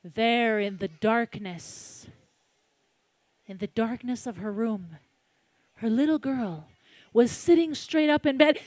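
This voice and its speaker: A Colombian woman telling a spooky folk tale aloud, hushed and dramatic, with suspenseful pauses. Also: a little high, no room sound, clean studio sound. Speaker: storyteller. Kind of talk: live oral storytelling.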